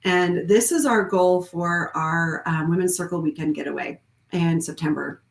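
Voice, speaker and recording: A woman's voice: lowish voice, moderate pace, creaky. A woman who leads a wellness studio, giving a heartfelt, effusive live-streamed talk that rambles with restarts. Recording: roomy echo.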